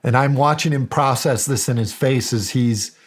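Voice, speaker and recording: A man's voice: mid-range voice, normal speed. A middle-aged American man telling a story in a podcast interview, acting out the quoted dialogue with animation. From United States. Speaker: guest, county sheriff.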